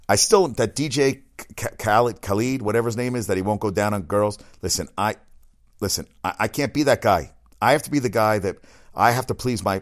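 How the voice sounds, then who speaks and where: A man hosting a solo sports podcast, talking in a rambling, excitable way with crude asides and frequent self-corrections. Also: lowish voice.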